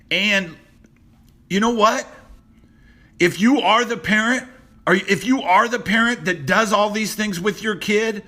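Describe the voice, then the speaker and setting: A man hosting a motivational rant to camera, blunt and preachy, repeating himself, dropping low and quiet on personal points. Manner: blunt and preachy, repeats phrases, many restarts. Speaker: host.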